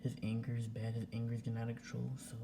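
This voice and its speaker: This young man's voice is gravelly, medium in pitch, and monotone, and he talks very fast over a noisy background. Indoors at home, he vents to his vlog camera in an agitated way, going over the same points and cursing freely.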